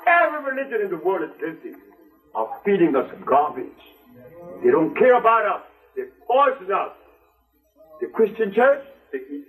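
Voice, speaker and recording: An older man giving an impassioned speech to a live audience, emphatic and repeating phrases for stress. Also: on the high side. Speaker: speaker to an audience. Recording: distant mic with faint music.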